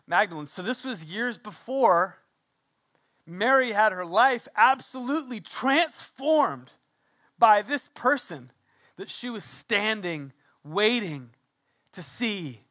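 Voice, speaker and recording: A middle-aged male pastor preaching a passionate sermon, swinging between loud emphatic declarations and hushed, intimate passages. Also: high-pitched.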